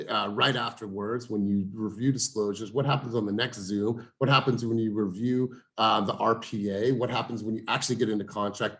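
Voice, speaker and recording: An energetic man hosting a motivational coaching call over video, calling on each team member and saying "you guys" often. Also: fairly low pitch.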